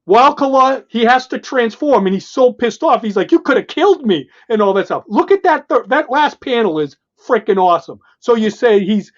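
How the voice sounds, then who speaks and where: A man co-hosting a podcast, casually and excitedly walking through comic book pages and acting out the characters' lines. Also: very high voice, lo-fi sound. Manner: excited, retells panels and acts out the dialogue in quick bits. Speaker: podcast co-host.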